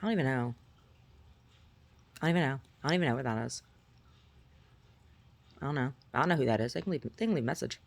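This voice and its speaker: A woman vlogger talking in a rambling, chatty way, often asking "right?" and at times jumping up into a high squeaky pitch. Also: lively intonation, fast, creaky, long pauses. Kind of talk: casual rambling monologue.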